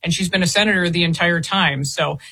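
A woman reporter answering interview questions, halting and repeating words as she explains. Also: lowish voice, bright, forceful tone, breathy edge, poor audio. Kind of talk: interview guest.

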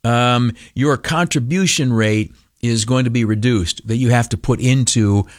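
A man's voice: mid-range voice, unhurried, no room sound, clean studio sound. Sex: male. Role: talk radio host. Style: opinionated political commentary. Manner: rambling, folksy, sarcastic, full of "uh"s.

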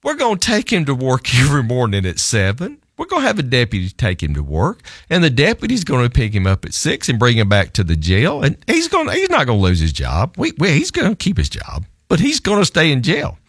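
A man's voice: mid-range voice, huge pitch swings, slightly rough, no room sound, studio quality, pitched above the performer's own voice. A man playing a stern no-nonsense judge. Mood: reassuring. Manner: firm, deliberate pronouncements.

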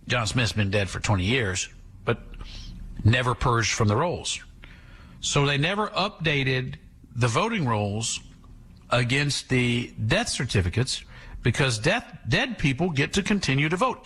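A male talk radio host delivers sarcastic, animated commentary, his voice swinging widely in pitch. It sounds high, bright and a bit husky.

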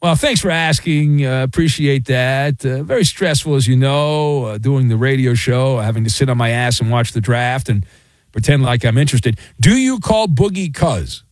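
A man's voice: mid-range voice, animated, normal speed, no echo. A middle-aged man hosting a late-night sports talk radio show, rambling and joking with self-mocking asides. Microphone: studio microphone.

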